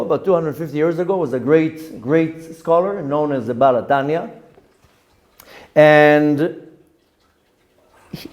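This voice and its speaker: A man teaching a Torah lesson, voice fairly high and mellow. He tells a story with energy, repeats his words as he goes, and acts out the people in it. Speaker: rabbi.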